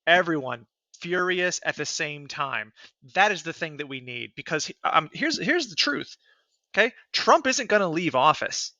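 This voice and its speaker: A man argues his point in a casual podcast, heated and emphatic, with frequent swearing. His voice is bright and a bit high for a man, and the recording is close and dry. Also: lively intonation, measured pace, dry recording. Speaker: podcast co-host. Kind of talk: casual political chat.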